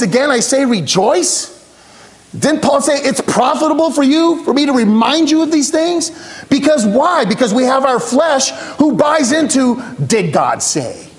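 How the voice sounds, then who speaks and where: Man, pastor, high-pitched voice, dramatic sermon, slow low emphasis, urgent questions, church. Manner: dramatic preaching, dropping low and slow on key words, rising to urgent questions.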